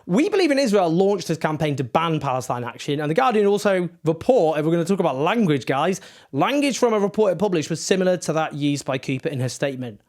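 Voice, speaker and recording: A man's voice: on the high side, very animated, fast, a little mellow. A man giving impassioned, indignant political commentary with sarcastic asides.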